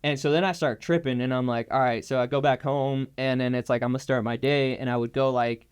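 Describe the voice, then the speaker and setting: A man's voice: mid-range voice, fairly even intonation, fairly quick, clear, resonant tone. A young man in a casual interview, telling a story in a laid-back, slangy way with lots of fillers. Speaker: guest.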